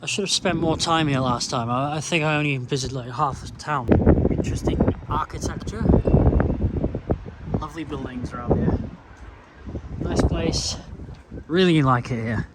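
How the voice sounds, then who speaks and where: Guy vlogging on the go, jokey, mutters to himself, slightly high voice, loud street noise. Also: moderate pace. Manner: chatty, self-mocking, mutters asides. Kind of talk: casual travel vlog. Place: outdoors in town and in a car. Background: loud outdoor and traffic noise.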